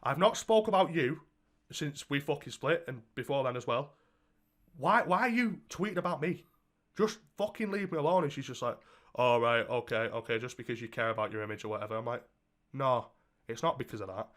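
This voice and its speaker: A man's voice: mid-range voice, lively intonation, fairly quick, a bit bright. A young man co-hosting a podcast, telling a story in casual chat and swearing heavily. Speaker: podcast co-host.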